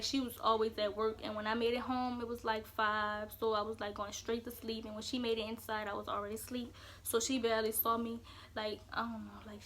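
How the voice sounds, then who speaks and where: A woman's voice: on the high side, bright, forceful tone, slight background noise. A young woman, telling a casual storytime vlog in a chatty way, full of "like". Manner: casual, chatty, fillers of "like" throughout. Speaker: vlogger.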